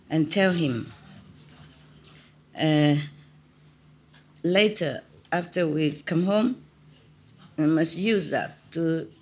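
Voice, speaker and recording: A woman's voice: low-pitched, a little hiss or hum. A woman spiritual teacher giving an informal talk, telling stories in chatty, simple English and laughing often.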